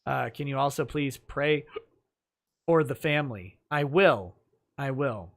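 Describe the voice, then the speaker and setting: A man's voice: mid-range voice, measured pace, vocal fry. A man hosting a casual livestream talk show, reading viewer messages aloud and laughing often.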